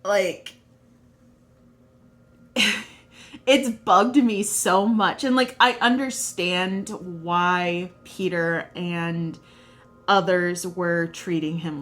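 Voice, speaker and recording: A young woman vlogging about her favorite scenes, gushing and telling stories with excitement, with faint music behind her. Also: on the low side, slow. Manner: gushing, excitable, animated storytelling. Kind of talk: casual fan commentary.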